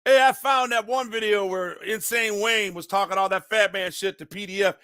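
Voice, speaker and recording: Guy ranting, real worked up and cussing, sharp tone, no room echo. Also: high-pitched, steady tone, normal speed, clear, resonant tone, studio quality. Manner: agitated, profane, repetitive ranting. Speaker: online commentator. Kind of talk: unscripted ranting monologue.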